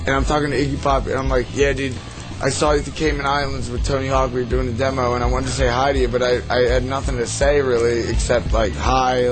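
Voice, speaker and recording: Rambling, foul-mouthed man telling stories. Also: mid-range voice. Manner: rambling, profane, says "dude" constantly. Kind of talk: casual storytelling chat. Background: music.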